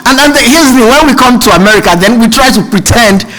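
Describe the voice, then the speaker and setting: A man from Nigeria with a Nigerian accent mixed with British tones, giving an animated, self-mocking humorous speech at a seminar. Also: very high voice, quick pace, poor audio. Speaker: seminar speaker.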